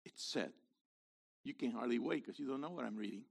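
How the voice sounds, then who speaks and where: A man in his seventies with a worn, gravelly voice, preaching a fiery sermon that swings from low murmurs to shouts. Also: a little fast. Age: 70s. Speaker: messianic rabbi.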